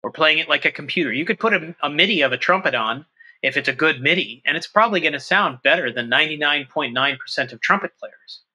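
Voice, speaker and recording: A middle-aged man talks in a bright, forceful voice that sits a little high. He explains music in an interview, animated, and restarts his sentences as he thinks aloud. His pitch moves a lot as he talks. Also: quick pace, breathy edge, rough recording. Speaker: trumpet professor and guest. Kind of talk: conversational interview.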